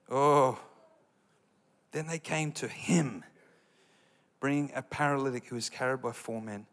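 Australian man, high voice, passionate preacher, loud emphatic bursts. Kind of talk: sermon.

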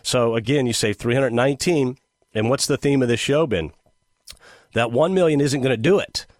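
A middle-aged man hosting a show, talking in a casual, sarcastic and animated monologue. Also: on the low side, no room sound, clean studio sound. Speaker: podcast host.

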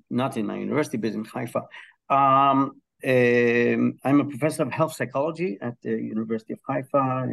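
Podcast guest, male professor, gravelly texture, lots of "um" hesitations, eager explainer. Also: mid-range voice. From Israel. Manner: enthusiastic, uses analogies, frequent hesitations. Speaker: guest, health psychology professor. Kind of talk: conversational explanation.

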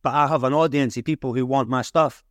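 A man's voice: mid-range voice, fairly even intonation, fast, no room sound, clean studio sound. A man with a broad Edinburgh Scots accent, talking frankly as a guest in a casual interview. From Edinburgh, Scotland. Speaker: guest filmmaker and rapper.

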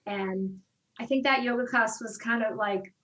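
A woman fitness instructor with a fairly high voice chats in an interview, animated and quick to act out the exchanges she retells. She sits a little away from the microphone, so her voice sounds slightly distant. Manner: animated storyteller, acts out quoted exchanges. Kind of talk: casual interview talk.

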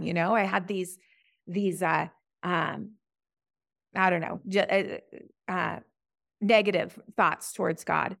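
A middle-aged woman sharing her faith story in an interview, earnest and halting, often restarting her sentences. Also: fairly even intonation, vocal fry, a bit bright, no echo, studio quality. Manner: earnest, halting, many restarts, rises high when recalling prayers. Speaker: podcast guest. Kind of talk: testimony in an interview.

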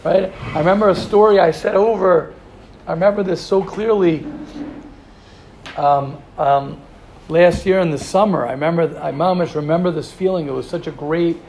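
A gravelly-voiced man speaks with a lilt, teaching students in a yeshiva class. He repeats his points and fires off rhetorical questions, his voice sitting somewhat high. A faint hiss runs underneath. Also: moderate pace. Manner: animated, repetitive, rhetorical questions. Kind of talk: Torah class talk to students.

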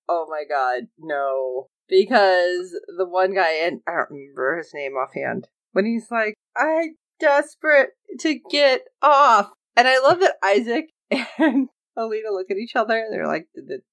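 A woman co-hosting a casual recap chat, animated and laughing as she quotes characters. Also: medium pitch, moderate pace, few pauses, dry recording. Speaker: podcast co-host.

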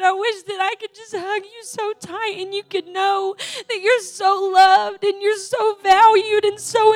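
A woman preaching a sermon and leading an altar call prayer, pleading and emotional, tearful at times. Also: very high-pitched.

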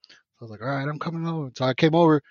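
A man's voice: on the high side, very fast, dry recording. Podcast guest, man from Mexico, loose and profane storyteller, dry lo-fi podcast audio. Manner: profane, rambling, animated retelling with many restarts. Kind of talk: casual storytelling.

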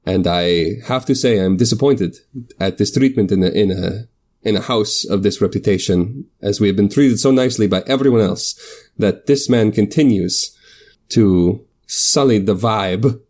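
A man's voice: on the low side, moderate pace, a little mellow, lightly acted. A man voicing a bold male crew member who complains with formal, mock-polite indignation. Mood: indignant.

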